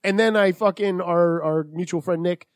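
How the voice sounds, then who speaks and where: A man's voice: high-pitched, moderate pace, no echo, studio quality. A man in his thirties in casual podcast chat, telling a story with lots of swearing and acting out what people said. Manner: profane, animated, acts out quotes. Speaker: podcast co-host.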